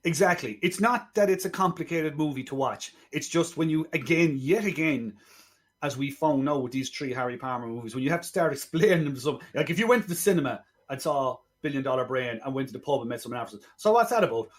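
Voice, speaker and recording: A man co-hosting a podcast, chatting casually about a film in a rambling way with quick asides. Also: mid-range voice. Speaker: podcast co-host. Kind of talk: casual film review chat.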